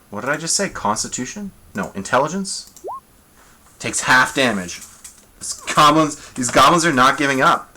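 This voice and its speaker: A man running a tabletop monster fight on a live stream. His voice is bright and forward at a middling pitch. He talks casually and chattily, reasoning aloud about rules and rolls. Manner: thinking aloud, rolling dice and ruling on the fly; casual, chatty, self-amused. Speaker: game master.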